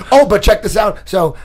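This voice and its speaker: A man telling crude stories in a casual chat, profane and animated, punching them up with sound effects. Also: high voice, background noise. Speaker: podcast guest.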